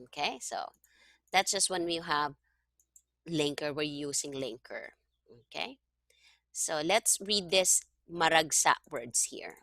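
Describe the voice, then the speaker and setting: Lady tutor on a video call, slightly low, bright voice, patient, checks in a lot. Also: slow, pauses often, no room sound. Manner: patient, checks understanding with frequent "okay?". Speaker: Tagalog tutor. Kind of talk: one-on-one online language lesson.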